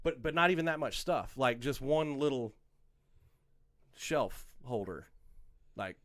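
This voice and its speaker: A man from North Carolina, hosting a podcast and telling a story in casual chat, animated and cursing freely. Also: medium pitch, unhurried. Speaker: podcast host.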